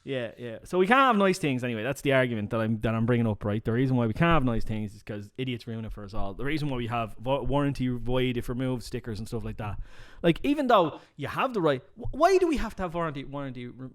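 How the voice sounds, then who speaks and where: A man with a Dublin Irish accent, co-hosting a podcast in casual chat, emphatic and animated, often tagging "right?". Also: medium pitch, quick pace, few pauses. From Ireland. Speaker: podcast co-host. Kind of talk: casual chat, telling jokes.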